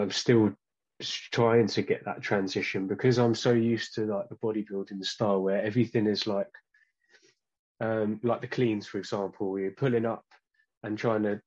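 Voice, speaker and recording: A man being interviewed about his training, talking casually and hesitantly with many pauses and restarts. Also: lowish voice, darkish tone, dull audio. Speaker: guest.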